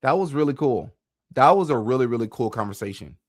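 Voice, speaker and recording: A man's voice: medium pitch, expressive, a little fast, no room sound, studio quality. A man hosting a casual live podcast interview, often stammering and repeating words as he talks. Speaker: podcast host.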